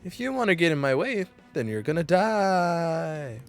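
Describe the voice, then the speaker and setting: A man's voice: fairly high pitch, big pitch swings, unhurried, smooth, soft background music, pitched above the performer's own voice. A man voicing an arrogant, abusive villain in a dramatic reading of game dialogue, snarling and threatening. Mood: menacing.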